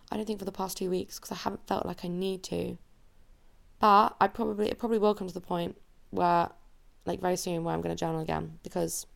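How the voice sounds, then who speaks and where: Gravelly-voiced young woman hosting a podcast. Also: medium pitch. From England. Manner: open, emotional and chatty, voice cracking near tears. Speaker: podcast host. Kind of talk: solo confessional podcast chat. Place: at home under a blanket.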